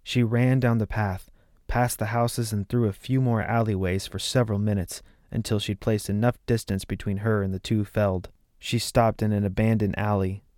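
Low-voiced man narrating a story. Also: flat delivery, normal speed, a little mellow, dry recording, studio quality. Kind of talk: audiobook narration.

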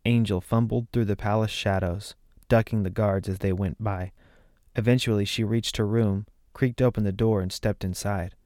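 A man reads a fantasy story aloud in a measured, steady voice. His pitch sits low and the recording is dry and close, with no room sound. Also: dry recording. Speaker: narrator. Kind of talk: audiobook narration.

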